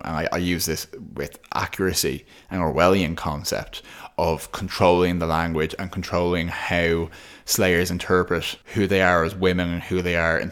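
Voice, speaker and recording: Guy with a really low voice breaking down a tv episode on a podcast, chatty, keeps restarting sentences. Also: a bit bright. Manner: talkative, thoughtful, many restarts. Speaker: podcast co-host. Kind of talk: casual analytical chat.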